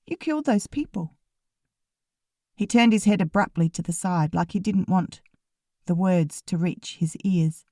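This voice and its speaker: A woman narrating a first-person audiobook in an even, wry storytelling manner. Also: lowish voice, normal speed, no room sound, clean studio sound.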